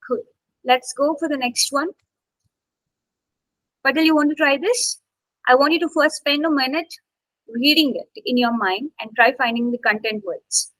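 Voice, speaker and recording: A woman's voice: sits high, moderate pace, pauses often, a bit bright, no echo, rough recording. A woman instructor teaching an online English class, coaxing students to take part, with many fillers.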